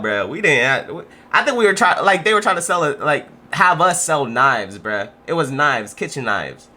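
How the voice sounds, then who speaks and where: A man's voice: on the high side, sing-song, moderate pace, hardly any pauses, pushed and bright. A man hosting a reaction video, chatting casually in a slangy, laid-back way.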